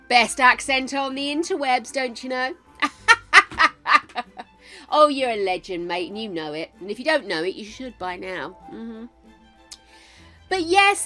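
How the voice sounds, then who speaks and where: Older woman, game streamer, bright high voice, affectionate chatter, soft music behind. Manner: chatty, showers viewers with endearments. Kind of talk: casual live-stream chat.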